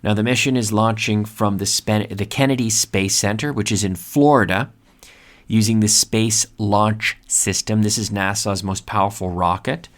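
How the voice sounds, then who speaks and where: A man hosting an English lesson, speaking slowly and repeating key words so learners can practice pronunciation. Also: lowish voice, fairly even intonation. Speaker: English teacher and podcast host. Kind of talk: casual vocabulary lesson.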